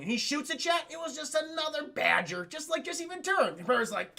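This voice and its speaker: A man's voice: very high voice, sing-song, fast talker, creaky, few pauses, bright, forceful tone. A man recapping a film scene by scene for his live chat, laughing, swearing and acting out the characters' lines. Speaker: streamer reviewing a film.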